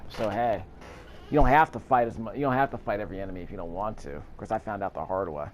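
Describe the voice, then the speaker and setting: This gameplay commentator has a lowish voice and talks fast, chatting over the game in a loose, rambling way and correcting himself often.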